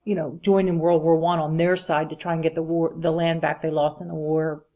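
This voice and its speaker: A woman's voice: sits low, level tone, fairly quick, mellow. A woman teaching a recorded history lecture over slides, chatty and casual, with many fillers and asides to her students.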